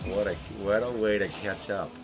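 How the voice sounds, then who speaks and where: A man's voice: on the low side, normal speed. A young father casually commentating a car game, encouraging and coaching his son as they play. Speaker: streamer playing with his son. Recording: music playing under the voice. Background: game music and car sounds.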